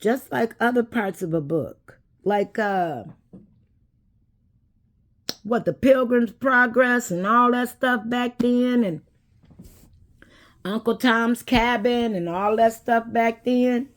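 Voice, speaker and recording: A woman, hosting a casual talk and speaking in an unhurried, preachy way that addresses viewers directly. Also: fairly high pitch. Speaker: host.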